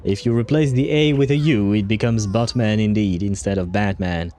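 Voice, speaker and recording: A man hosting a livestream, casually commenting on a game as he plays, chatty and quick to laugh, with occasional swearing. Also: on the low side, warm tone, soft background music. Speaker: livestream host playing a game.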